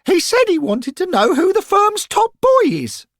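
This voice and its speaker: A man's voice: very high voice, huge pitch swings, a little slow, fairly bright tone, no echo, clean studio sound, voice pushed up, full character voice. A man voicing a nervous, polite thirteen-year-old boy with a shaky voice. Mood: innocent.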